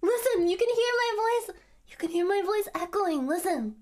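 A woman's voice: very high-pitched, expressive, normal speed, a little mellow, slight background noise. A young woman streaming from her apartment by an open window, flustered, giggling and swearing as she chats. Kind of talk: casual livestream chat. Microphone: headset mic.

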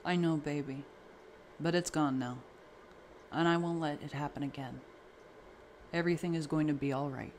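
A man's voice: a little high, steady tone, moderate pace, pauses often, a little hiss or hum, close to an everyday voice. A man reading an angry, protective father. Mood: soothing. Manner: shouting, furious, then gentle.

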